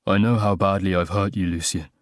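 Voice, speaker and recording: A man reading an audiobook, voicing a formal young man who is choked up and apologetic, speaking in a soft, halting way. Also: deep voice, fairly even intonation, no room sound, clean studio sound, lightly acted.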